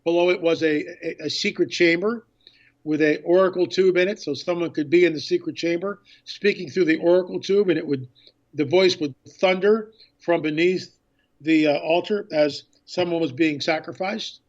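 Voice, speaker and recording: A man guesting on a radio interview as an author and filmmaker, telling a story with excitement and acting out past conversations. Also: on the high side, normal speed, lo-fi sound.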